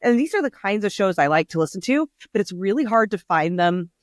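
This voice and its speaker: A woman co-hosts a podcast in loose, rambling chat, often breaking into laughter. Her voice sits at a middling pitch, and the recording is dry and close, with no room echo. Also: big pitch swings, brisk. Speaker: podcast co-host. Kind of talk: casual chat.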